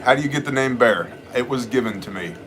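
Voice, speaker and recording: A man's voice: mid-range voice, fast talker, crowd noise. A middle-aged man hosting a casual livestream, answering chat questions in a blunt, joking, rambling way.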